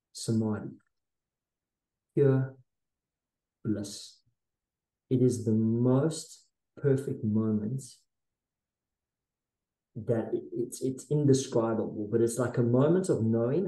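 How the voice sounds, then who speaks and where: Dark-voiced man telling an intense story. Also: medium pitch, echoey room, low-quality recording. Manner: intense, dramatic storytelling with casual slang. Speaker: podcast guest. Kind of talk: storytelling in a conversational interview.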